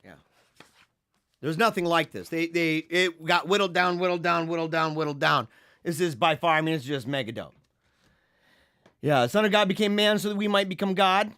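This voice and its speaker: A man hosting a casual livestream, reading viewer comments and chatting in an animated, laughing way. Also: on the high side, smooth, no room sound, clean studio sound. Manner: animated, laughing, drawn-out slang. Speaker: livestream host.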